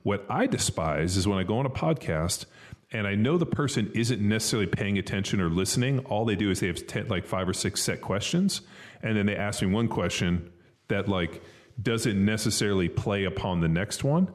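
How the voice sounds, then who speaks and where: A man's voice: fairly low pitch, animated, normal speed. A man hosting a podcast, telling long rambling stories full of fillers in casual banter. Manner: rambling, filler-heavy storytelling. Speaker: podcast host.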